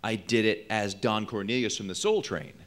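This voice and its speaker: Bright-voiced joking male comedian. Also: on the low side. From California. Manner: joking, quick punchlines. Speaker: comedian and impressionist guest. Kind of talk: casual interview chat. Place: comedy theater stage.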